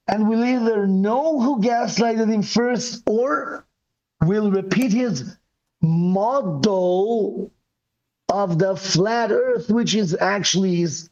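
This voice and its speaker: A man talking in a casual debate chat on a video call, rambling and animated with apologetic asides, his voice worn from yelling. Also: sits high. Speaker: guest on a live call-in show. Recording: dull lo-fi call audio.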